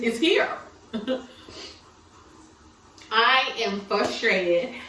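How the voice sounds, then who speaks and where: A woman's voice: fairly high pitch, a bit bright, slight background noise. Young woman vlogger, tearful but laughing, candid and emphatic; echoey room, mic at a distance. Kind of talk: casual confessional vlog. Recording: roomy sound from some distance, faint background ambience.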